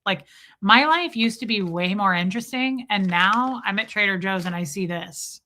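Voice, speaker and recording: A woman in her forties with a bright, forceful tone, chatting on a live stream. She rambles through candid stories and drops into quick impressions of other people. Her pitch sits in the middle for a woman. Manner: candid, rambling storyteller, does voices of people. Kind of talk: casual live-stream chat.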